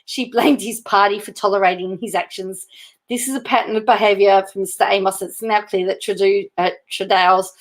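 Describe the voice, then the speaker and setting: A woman's voice: mid-range voice, fairly even intonation, a little fast. Giggly woman reading news aloud. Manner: keeps breaking into giggles while reading; chatty asides to viewers. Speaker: channel host.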